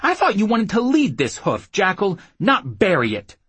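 A man voicing a fierce young woman outlaw rider in an audiobook, shouting high and loud. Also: wildly swooping pitch, normal speed, slightly rough, no room sound, exaggerated voice. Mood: furious.

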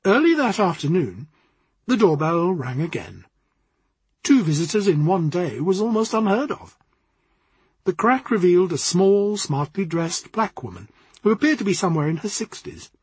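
A man narrates a story with an expressive, wry delivery. His voice is high and lively, with a husky, breathy texture, and it sounds dry and close. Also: normal speed, dry recording.

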